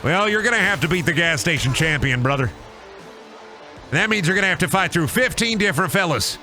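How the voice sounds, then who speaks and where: A man's voice: lowish voice, fast talker, a bit bright, soft background music, lightly acted. A man voicing a swaggering hillbilly gas station wrestler who drawls and calls everyone brother. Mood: boastful.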